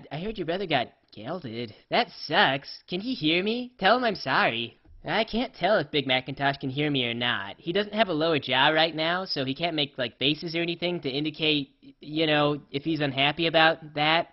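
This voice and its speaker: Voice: medium pitch, animated, normal speed, few pauses, lightly acted. Someone voicing Rainbow Dash, a rambling dim pony. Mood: offhand rambling. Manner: rambling, offhand, with frequent "uh" and "like". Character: female pony, scatterbrained and cheerfully oblivious. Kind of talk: comedic first-person storytelling. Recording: slightly dull lo-fi recording.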